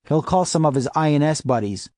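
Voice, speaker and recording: A man's voice: on the high side, lively intonation, fairly quick, a little mellow, no room sound, clean studio sound, natural voice. A man voicing an eager young wife. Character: supportive young wife on the phone. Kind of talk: audiobook character voice.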